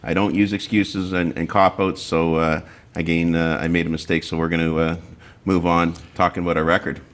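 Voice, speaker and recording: Halting male talk show host. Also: low voice, little pitch movement, a bit bright. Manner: halting, many fillers and restarts.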